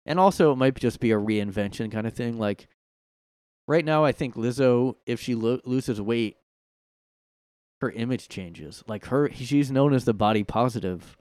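A man's voice: medium pitch, moderate pace, darkish tone, no echo. A man hosting a solo podcast from his room, rambling sarcastically with lots of filler words. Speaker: podcast host. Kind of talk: casual solo commentary.

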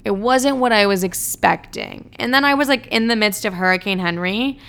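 A woman's voice: medium pitch, normal speed, creaky, a bit bright, smooth. A young woman in her twenties, answering fan questions in a blunt, profane, ranting chat full of "like". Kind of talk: casual chat.

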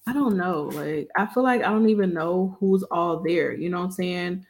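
A woman's voice: on the low side, normal speed. Woman cohost just chatting about wrestling, easygoing, lots of you know. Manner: relaxed, lots of "you know what I'm saying" and agreeing hums. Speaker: wrestling show co-host. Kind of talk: casual post-show chat.

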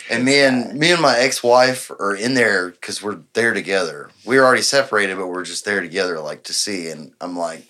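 Podcast guest: man in his thirties, low bright voice, rambling anecdotes with acted-out quotes. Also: lively intonation, a little fast, few pauses. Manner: rambling, acts out quoted dialogue, laughs often. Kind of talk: casual storytelling.

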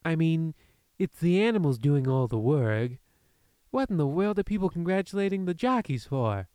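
A man hosting a comedy audio show, introducing the episode in a deadpan, wry manner. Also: a little high, normal speed, smooth, no room sound. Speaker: narrator and host.

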